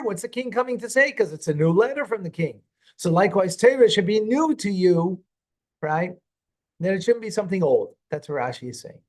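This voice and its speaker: A man with a fairly high voice, a rabbi leading a text study class. He reads verses aloud, gives their meaning, and presses his student with questions before he explains. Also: darkish tone. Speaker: rabbi teaching a Torah class.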